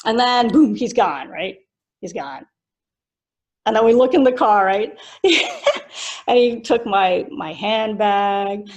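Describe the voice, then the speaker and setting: A woman's voice: on the high side, a little slow, darkish tone, lo-fi sound. A middle-aged woman, a Buddhist nun, teaching a class casually and telling a personal story with frequent laughs. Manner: chatty, laughs often while telling a story.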